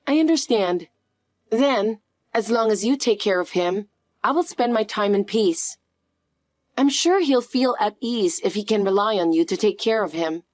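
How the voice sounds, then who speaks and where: A synthetic woman's voice narrating a story and speaking as the wronged daughter-in-law, in an even, flat delivery. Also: mid-range voice, normal speed, dry recording, clean studio sound.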